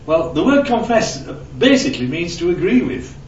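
His voice is high and sing-song, moving at a moderate pace as he preaches in a conversational manner, asking the congregation questions and telling anecdotes. Faint ambience, a little hiss or hum, and a roomy, distant, dull lo-fi quality mark the recording.

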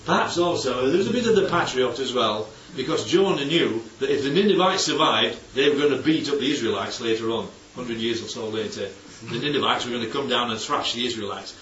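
A man's voice: medium pitch, animated, a little fast, few pauses, a bit bright, a little hiss or hum. A man preaching a conversational sermon, often throwing rhetorical questions at his listeners. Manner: chatty, asks the congregation rhetorical questions. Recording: echoey hall, distant, dull mic.

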